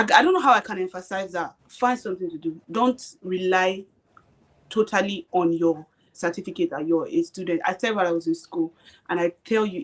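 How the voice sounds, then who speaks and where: On a motivational live-stream chat, a young woman appears as a guest, her voice on the low side and a bit bright. She speaks emphatically, repeats her points, and often checks that she's being understood.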